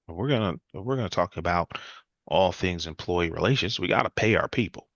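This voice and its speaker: A man teaching a live sales class, acting out lively client conversations as examples. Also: brisk, no room sound, highs cut off. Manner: energetic, acts out client dialogue with jumps in pitch. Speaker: sales trainer.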